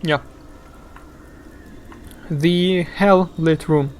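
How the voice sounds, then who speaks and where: Brief: young male streamer, fairly high and smooth voice, rambling and halting. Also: fairly even intonation. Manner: rambling, halting, searching for words. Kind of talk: casual live game commentary.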